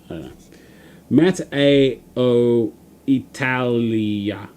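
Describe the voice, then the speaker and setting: A man's voice: medium pitch, very slow, a little mellow, clear, resonant tone. An Australian man hosting a livestream, chatting casually and reading out viewer comments, rambling with lots of fillers and restarts. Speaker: livestream host.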